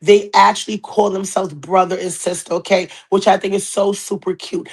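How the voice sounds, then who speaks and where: A woman with a hoarse, raspy voice from a cold, hosting a casual podcast and greeting viewers in a chatty, repetitive way. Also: medium pitch, flat delivery, normal speed, darkish tone. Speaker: podcast host. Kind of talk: casual live-stream chat.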